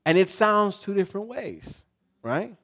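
A man preaching a sermon as pastor, talking in a conversational, animated way with playful asides. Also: high-pitched, unhurried.

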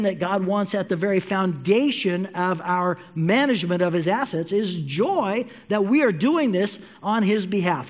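A man preaching a sermon as a pastor, telling stories in an animated way and addressing his listeners directly. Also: high voice, long reverb tail. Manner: animated storytelling, speaks to listeners as you.

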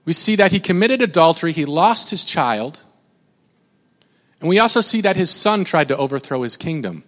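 A man's voice: fairly high pitch, big pitch swings, moderate pace, a bit bright. A man preaching a sermon as a pastor, talking in a loose, conversational way with frequent restarts. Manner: conversational and rambling, with many restarts. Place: church sanctuary. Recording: long reverb of a large church hall.

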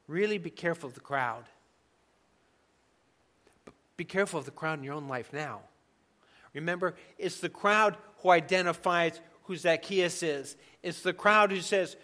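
A man preaching a sermon in a conversational, emphatic way, dropping to soft asides now and then. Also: sits high, unhurried. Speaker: pastor.

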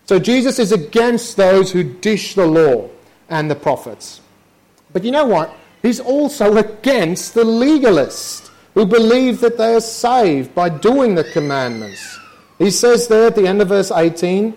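A pastor with a fairly high, sing-song, slightly mellow voice preaches to his congregation conversationally. He keeps slipping into quick impressions of the objections his listeners might raise.

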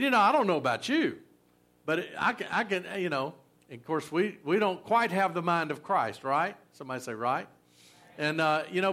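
Man, pastor preaching a sermon, chatty and halting, fairly high voice. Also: a bit bright. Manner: conversational preaching with many fillers and restarts.

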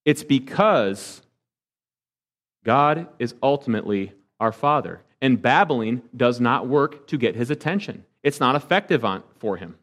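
A man's voice: mid-range voice, animated, measured pace, fairly bright tone. A man preaching a sermon as pastor, conversational, with joking asides and questions to the congregation.

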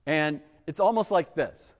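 A man giving a casual, conversational sermon as a pastor, animated and acting out exasperated voices. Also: a little high, measured pace, in a large hall.

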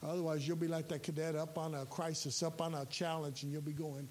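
High-voiced folksy preaching man. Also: fairly even intonation, moderate pace. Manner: folksy, emphatic preaching with sudden loud peaks. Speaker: chaplain. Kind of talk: sermon. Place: church sanctuary. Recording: reverberant hall with faint hiss.

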